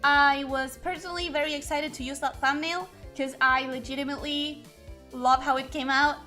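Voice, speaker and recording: On her livestream, a streamer whose first language is Spanish talks in accented English, reading out chat and musing aloud in a rambling, casual way. She speaks at a moderate pace in a high-pitched voice with little pitch movement, over soft background music.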